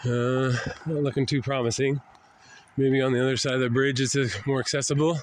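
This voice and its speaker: A man's voice: mid-range voice, level tone, fairly quick. An older man with a cold, congested and breathing hard, muttering to himself as he hikes outdoors by a river. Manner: muttering to himself while hiking. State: congested from a cold, stuffy nose; out of breath from walking. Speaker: drifter vlogger. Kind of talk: casual walking vlog. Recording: noisy outdoor recording.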